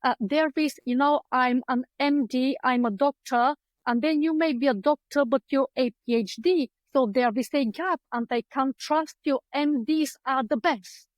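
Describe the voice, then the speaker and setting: A woman's voice: high-pitched, normal speed, no echo, low-quality recording. A woman with an Eastern European accent, a clinical psychologist chatting as a podcast guest over a video call, telling her story with lots of fillers and acted-out thoughts. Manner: chatty, acts out her own past thoughts, many fillers. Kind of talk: conversational interview storytelling. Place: home room lined with books.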